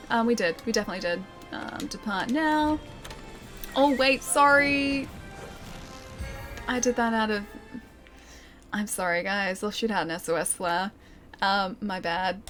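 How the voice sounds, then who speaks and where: Young aussie woman live streaming, chatty and giggly, voice a bit high, soft music underneath. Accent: Australian. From Australia. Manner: chatty, giggly, reads chat aloud and answers. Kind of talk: casual live-stream gameplay chat.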